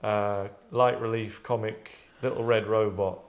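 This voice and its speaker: A man's voice: on the low side, steady tone, measured pace. A man hosting and directing a voice session, rambling and restarting as he gives notes. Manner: rambling, restarts, acts out lines. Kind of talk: casual chat, giving direction.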